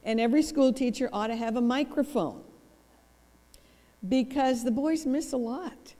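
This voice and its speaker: A woman's voice: sits high, lively intonation, normal speed, mellow, big-room sound. A woman giving a storytelling lecture as a guest speaker, acting out both sides of conversations. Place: church hall.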